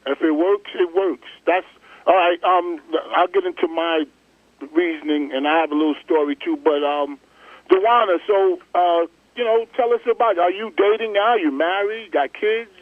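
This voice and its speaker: A man's voice: high voice, normal speed, no echo. A man hosting a casual talk show, loose and joking, often restarting his sentences. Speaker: podcast host. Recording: tinny phone-line sound.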